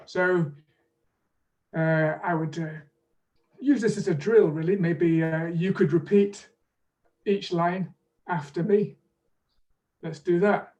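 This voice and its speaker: A man presenting as a pronunciation teaching expert in an online webinar, explaining in a measured way and leading drills over a video call. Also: a little high, darkish tone, distant mic.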